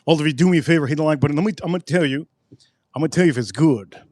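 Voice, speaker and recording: A man hosting a casual live tasting review, excitable and repeating himself for emphasis. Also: fairly high pitch, racing, no room sound. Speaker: spirits reviewer host.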